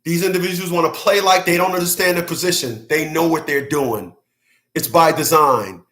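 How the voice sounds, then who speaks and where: A man's voice: on the high side, moderate pace, a bit bright. A man hosting his own channel, giving blunt, profanity-heavy commentary and repeating key words for emphasis. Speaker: channel host commenting on clips.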